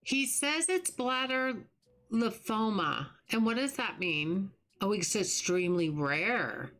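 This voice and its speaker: A middle-aged woman talks easily while she plays a game on a livestream. Her voice sits at an ordinary middle pitch, and her tone stays sympathetic and chatty, with small restarts as she reads and answers her chat. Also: lively intonation, slow, a bit bright. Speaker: livestream host. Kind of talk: casual chat while gaming, reading chat.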